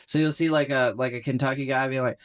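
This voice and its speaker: A man's voice: medium pitch, steady tone, fast talker, clear, resonant tone. Southern man, podcast guest, loose rambling chat with cussing. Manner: rambling, profane, laughs often. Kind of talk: casual chat.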